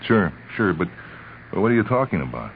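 Guy doing a brooding quiet repairman, clipped and tense, very deep voice, tinny old radio. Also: big pitch swings, fairly quick, gravelly, exaggerated voice. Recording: tinny lo-fi radio recording with faint hiss.

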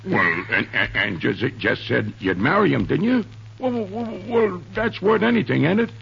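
An actor playing a hot-headed, tough young man with a gun in an old radio comedy, talking in a gruff, slangy bluster. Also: sits high, lively intonation, moderate pace, heavily acted. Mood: pleading. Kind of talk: 1930s radio comedy acting. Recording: muffled old radio recording.

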